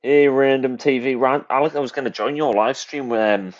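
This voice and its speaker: A man's voice: mid-range voice, brisk. A man hosting a casual livestream from his home kitchen, rambling and chatty and swearing freely. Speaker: livestream host. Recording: dull lo-fi stream audio, faint hiss.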